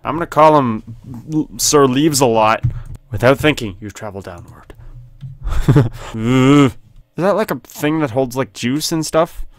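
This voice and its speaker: A man's voice: mid-range voice, animated, measured pace, no echo. Laughing man reading a horror game. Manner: jokey, laughing, chatty asides. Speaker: gaming video host. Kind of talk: reading and narrating a horror text game aloud.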